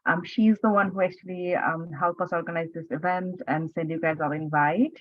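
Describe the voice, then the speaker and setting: A woman's voice: fairly low pitch, steady tone, moderate pace, no room sound. A woman moderating an online meeting, welcoming people and calling on them one by one. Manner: brief welcoming replies, calling names. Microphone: video call. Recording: dry, phone-like call audio.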